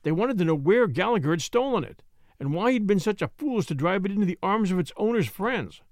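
Man reading a classic story aloud, expressive and high-pitched, dead-dry close recording. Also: a little fast, dry recording. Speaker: audiobook narrator. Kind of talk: scripted narration.

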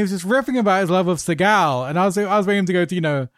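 Lively, dry-sounding podcast host. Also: male voice, high-pitched, rapid-fire, no echo. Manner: animated storyteller, swears freely. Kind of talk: casual podcast conversation, storytelling.

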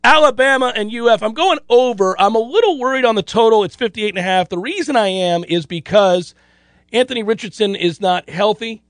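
A man's voice: high voice, animated, brisk, fairly bright tone, dry recording. A man co-hosting a casual sports betting chat, rambling along with restarts and frequent laughter. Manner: rambling, self-interrupting, laughs often.

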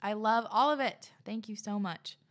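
A woman with a mid-range voice hosts a podcast at a moderate pace, reading out listener letters. She reacts in a casual, gushing manner, saying "like" a lot.

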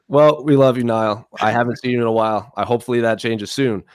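A man co-hosting a casual podcast, chatty and quick to laugh. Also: medium pitch, steady tone, a little mellow, no echo, clean studio sound. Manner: chatty, laughs easily, some restarts. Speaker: podcast co-host. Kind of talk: casual podcast chat about MMA.

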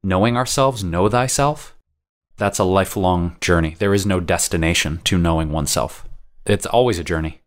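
A man's voice: deep voice, normal speed. A man co-hosting a podcast, talking in an earnest, philosophical way in casual chat. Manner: earnest and philosophical, ranging into rants. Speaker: podcast co-host.

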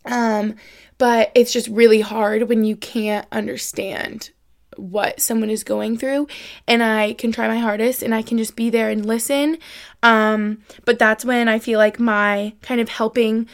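A woman's voice: a little high, little pitch movement, measured pace. A young adult woman hosting her own podcast, talking in a rambling, upbeat way full of fillers. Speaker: podcast host. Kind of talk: casual solo podcast chat.

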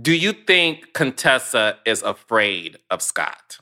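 A man hosting a podcast who asks his guest measured, carefully phrased questions. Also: mid-range voice, very animated, sharp tone. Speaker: podcast host. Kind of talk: interviewing a guest.

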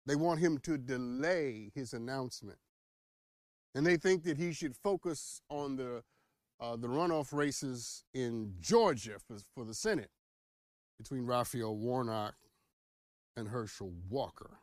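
A man hosting a podcast, giving playful, teasing commentary on headlines with dramatic swings in loudness. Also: mid-range voice, unhurried, no room sound. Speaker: podcast host. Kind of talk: casual political commentary.

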